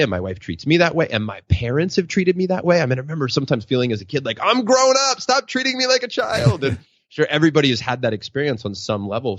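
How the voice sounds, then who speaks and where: A man's voice: mid-range voice, dry recording, dull audio. A man telling personal stories as a podcast guest, acting out quotes in a raised voice. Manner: animated, acts out quotes in a raised voice. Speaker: podcast guest, professional speaker. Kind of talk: storytelling interview answer.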